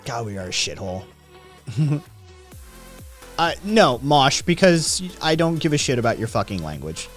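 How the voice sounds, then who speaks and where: A man's voice: mid-range voice, very animated, normal speed, soft background music. A man hosting a casual livestream, reading statistics and chat messages aloud and reacting with profane, sardonic comments.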